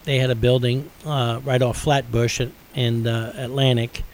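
A man's voice: medium pitch, little pitch movement, moderate pace, slight background noise, rough recording. Middle-aged male radio host, earnest storyteller, ordinary mid-range voice. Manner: earnest storytelling, building intensity. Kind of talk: personal testimony on radio.

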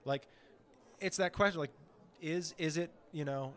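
A man's voice: on the high side, measured pace. A man co-hosting a comedy podcast in casual, profane, rambling chat full of "like"s. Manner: animated, profane, rambling with many "like"s. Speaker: podcast co-host.

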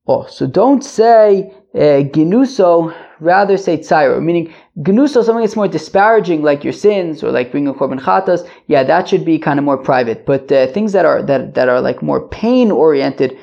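A man's voice: fairly high pitch, expressive, moderate pace, gravelly, hardly any pauses, a little mellow, highs cut off. A man teaching a daily Talmud lesson, explaining in plain terms with many fillers and restarts, mixing Hebrew and Yiddish phrases into English.

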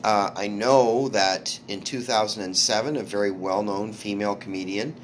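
Male host, lowish voice, halting storytelling, light hiss behind. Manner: halting storyteller with restarts and swearing. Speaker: podcast host, comedian. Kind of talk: casual podcast chat.

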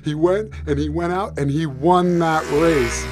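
A man improvising a bedtime story, relaxed and playful, with sound effects and repetition. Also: a little high, a little slow, music in the background.

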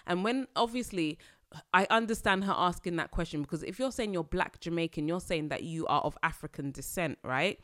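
A woman vlogger giving casual, animated commentary to her viewers, exclaiming often and laughing between points. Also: sits low, dry recording, clean studio sound.

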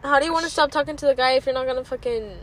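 Young woman, high voice, lots of cussing, just chatting in the car. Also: racing. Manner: swearing, drawling complaints. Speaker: friend. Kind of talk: casual chat. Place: inside a car.

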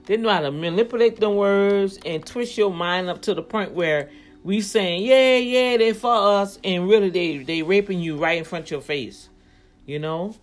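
A woman's voice: on the low side, normal speed, soft background music. A woman vlogger in casual commentary, rambling as she thinks things through aloud and speaking straight to her viewers, growing emphatic when riled up.

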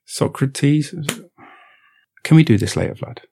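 A man's voice: mid-range voice, expressive, a little slow, creaky, mellow, slightly rough. A man hosting a podcast in a comedy sketch, talking in an exasperated, sarcastic, rambling way with stammered restarts.

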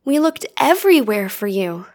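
Woman reading as a gentle tearful teen boy. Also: medium pitch, very animated, moderate pace, natural voice. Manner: choked-up, pleading. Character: gentle soft-hearted teenage boy, tearful. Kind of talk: reading fan fiction aloud.

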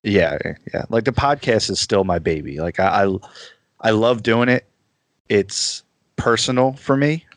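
A man chatting casually as a guest on a podcast, easygoing and quick to laugh at himself. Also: on the low side, lively intonation, no echo, studio quality.

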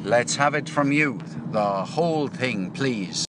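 A man's voice: medium pitch, expressive, slow pace, background noise. A middle-aged man, host of a podcast, chatting casually in a voice message and rambling with many fillers.

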